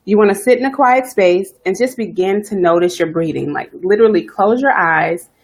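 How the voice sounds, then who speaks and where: A woman hosting a self-care live stream, talking fast and chatty, greeting viewers by name as she coaches. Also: medium pitch. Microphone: webcam or phone live stream.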